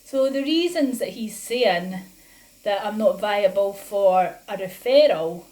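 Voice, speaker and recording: A woman's voice: medium pitch, animated, takes it slowly, darkish tone, poor audio. A woman speaking to camera in a personal vlog, indignant and emphatic, retelling her exchanges in quotes, a little breathless from lung disease. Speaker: patient sharing her health story.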